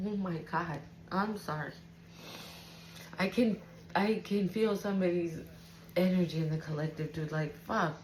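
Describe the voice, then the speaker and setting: Slow, profane woman tarot reader. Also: mid-range voice, fairly even intonation, a little mellow, slight background noise, rough recording. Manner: casual, profane, emotional, keeps asking "right?". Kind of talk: intuitive tarot reading to viewers.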